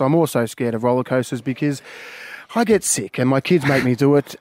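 An Australian man in his forties hosting a radio show, telling self-mocking stories in an animated, lively way. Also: medium pitch, dry recording. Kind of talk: casual radio chat.

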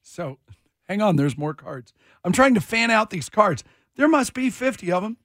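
High-voiced playful male radio host. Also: very animated, moderate pace, fairly bright tone, dry recording, clean studio sound. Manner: playful, bossy game-runner. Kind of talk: casual morning radio banter.

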